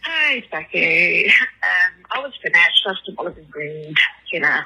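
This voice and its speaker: A woman's voice: on the low side, very animated, unhurried, gravelly, pushed and bright, breathy edge, rough recording. A woman from England leaving a rambling phone voicemail for a podcast while out of breath from walking her dog. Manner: rambling, lots of ums and likes. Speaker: caller.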